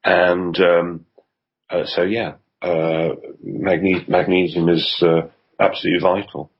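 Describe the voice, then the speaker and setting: A man with a deep voice and a husky, breathy edge talks as a radio interview guest. He explains at length, pausing often with ums and restarting his sentences. The sound is dull and lo-fi, like a remote line. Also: little pitch movement. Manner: hesitant, with frequent ums and restarts. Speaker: health consultant guest.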